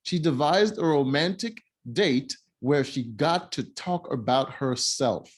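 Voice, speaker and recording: A man's voice: on the high side, lively intonation, slow. A man giving casual, opinionated commentary while reviewing a reality show, blunt and mocking.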